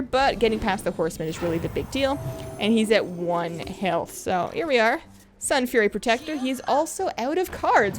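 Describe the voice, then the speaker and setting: A woman giving casual, upbeat commentary over her own card game play, talking the viewer through each move in a chatty, friendly manner. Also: noisy background. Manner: chatty, upbeat, lively pitch swings. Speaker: gameplay commentator.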